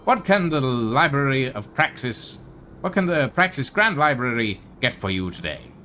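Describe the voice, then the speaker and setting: A man's voice: medium pitch, big pitch swings, normal speed, bright, forceful tone, faint music behind, pitched above the performer's own voice. A man voicing a cheerful miniature hologram librarian who greets visitors. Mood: welcoming.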